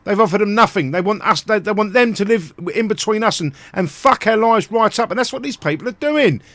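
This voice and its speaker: Angry high-voiced British man ranting. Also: expressive, brisk, a bit bright, dry recording. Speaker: live stream host. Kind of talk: livestream rant.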